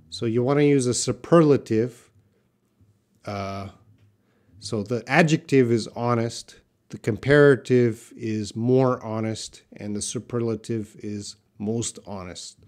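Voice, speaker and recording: A man teaching a live online English lesson, slowly repeating words for pronunciation practice and answering viewers' questions by name. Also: mid-range voice. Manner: slow, careful, repeats words for pronunciation drills.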